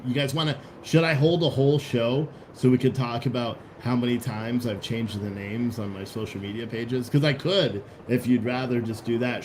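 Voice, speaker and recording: A man's voice: mid-range voice, noisy background. Blunt rambling man hosting a livestream. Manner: rambling, blunt, profane, with restarts. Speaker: livestream host. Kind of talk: casual livestream commentary reading chat.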